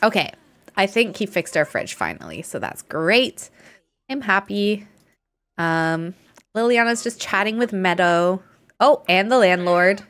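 A woman's voice: mid-range voice, big pitch swings, measured pace, a bit bright. A chatty woman streaming a life-sim game, narrating what she sees with little laughs. She talks straight at her characters in a friendly, easygoing way, as if they could hear her. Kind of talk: live gameplay commentary.

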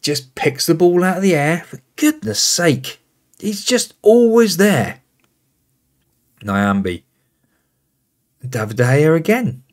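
A man's voice: on the high side, animated, a little slow. A man hosting a football management game, calling out player names and reacting with exasperation as play unfolds. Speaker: gaming host. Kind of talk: casual game commentary.

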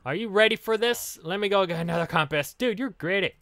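A man giving excitable, giggly Let's Play commentary while he plays. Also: high-pitched, fairly quick, slight background noise. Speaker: gaming channel host.

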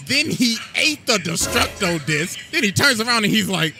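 Animated man recapping anime with crude slang. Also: high-pitched, moderate pace, vocal fry. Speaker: anime commentary narrator. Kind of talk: casual comedic recap narration. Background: music.

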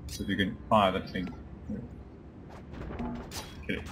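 A man's voice: deep voice, fairly even intonation, a little slow, long pauses, faint music behind. A man giving casual, joking commentary while playing a video game, chatting to his party members and swearing now and then. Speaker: let's play commentator.

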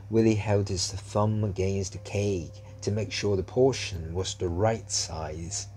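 A man narrating a children's story in a slow, measured reading. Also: deep voice, steady tone, dark tone, husky.

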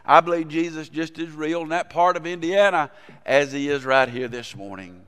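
A man's voice: a little high, normal speed, fairly bright tone, clear, resonant tone. A man, a pastor preaching a sermon and telling a folksy story, rising to fervent preaching. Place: church sanctuary. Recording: reverberant church hall.

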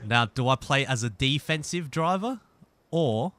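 A young man hosting a racing game session with friends, laughing a lot and bursting into excited shouts. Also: mid-range voice, unhurried. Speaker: YouTube gaming host. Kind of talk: casual gaming chat.

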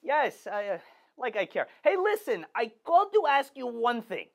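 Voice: medium pitch, big pitch swings, normal speed, vocal fry. A performer voicing the cranky ghost of an old male horror host, speaking over a phone call with a put-on French accent and a rude, scolding manner.

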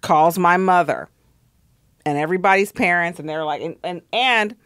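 A woman with a lowish voice hosting a casual podcast chat. She tells stories in an emphatic, playful way. The recording is dry and close to the mic. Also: normal speed, a bit bright, clear, resonant tone, no echo. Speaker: podcast host.

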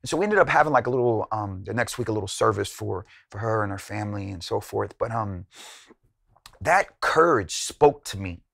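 A man's voice: lively intonation, brisk, creaky, a bit bright, dry recording, studio quality. A man host recounting a personal story in a casual, slangy way, full of fillers and retold dialogue. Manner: casual, many fillers and slang, retells dialogue with rising pitch. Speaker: youth minister and show host.

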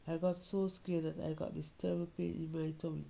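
A woman's voice: low voice, flat delivery, fairly quick, gravelly, warm tone, poor audio. A woman reading a story as an anxious young Jamaican girl, confiding and pleading with her mother. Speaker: reader of a short story.

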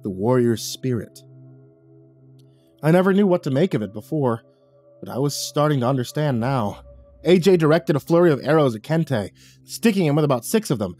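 A man narrating a first-person horror story in a steady, scripted delivery. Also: medium pitch.

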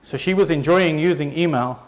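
A man from Leeds, with the Northern English accent of the north of England, gives a chatty, self-deprecating talk to a live audience as a company presenter. His pitch is fairly high and his speed is normal.

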